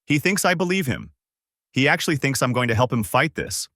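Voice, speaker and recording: A man's voice: mid-range voice, lively intonation, brisk, dry recording, studio quality, voice pushed up. A man voicing a tense young woman who urgently reports what she sees, in an audiobook. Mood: firm. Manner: urgent, hushed play-by-play. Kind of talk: audiobook character voice.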